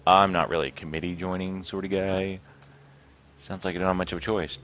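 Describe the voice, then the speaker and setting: Deep-voiced gamer joking over a game. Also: male voice, steady tone, a little fast, a bit bright. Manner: joking asides, self-mocking. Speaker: let's play gamer. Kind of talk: casual game commentary.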